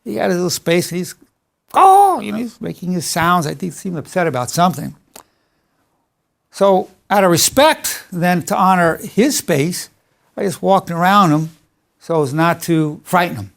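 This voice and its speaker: Older man, gravelly voice, slightly high pitch, self-assured motivational lecture. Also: animated, moderate pace, a bit bright. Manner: emphatic, self-assured, anecdotal. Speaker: psychologist lecturer.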